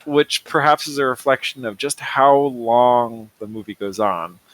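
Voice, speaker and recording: A man's voice: mid-range voice, a little slow, a bit bright, low-quality recording. A man appearing as a guest on a film podcast, speaking casually with hesitations. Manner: hesitant, many ums and restarts. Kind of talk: casual chat.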